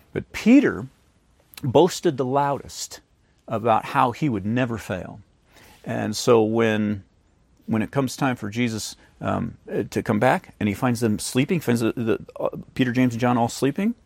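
A man's voice: lowish voice, gravelly, a little mellow, dry recording. A man preaching a sermon who acts out the voices of the people in his stories. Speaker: pastor.

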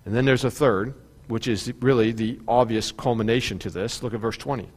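A man's voice: mid-range voice, lively intonation, fairly quick, breathy edge, big-room sound. A man preaching a sermon, building to fervent peaks and then easing into storytelling. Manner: preaching with rising fervor and repetition. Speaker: pastor.

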